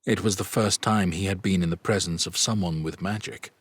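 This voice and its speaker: A man narrating a fantasy audiobook in a steady, even storytelling manner. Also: deep voice, fairly quick, husky. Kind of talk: scripted narration.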